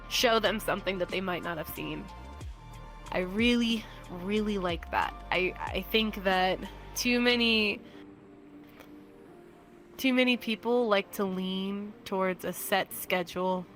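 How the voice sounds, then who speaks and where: A woman's voice: medium pitch, fairly bright tone. Playful, giggly woman streamer guest. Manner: playful, giggly, slangy and candid. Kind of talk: casual podcast chat.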